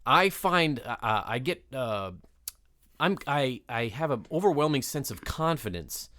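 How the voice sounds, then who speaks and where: A man co-hosting a podcast who teases in a wry, deadpan way during casual chat. His voice sits mid-range and is recorded close and dry, without room echo. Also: medium pitch, unhurried. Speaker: podcast co-host.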